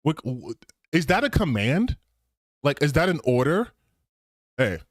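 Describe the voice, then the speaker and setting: Sarcastic, animated man in his thirties. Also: fairly high pitch, measured pace, long pauses, dry recording. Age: 30s. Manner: sarcastic, laughing, swearing freely. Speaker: gaming streamer host. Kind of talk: casual reaction commentary.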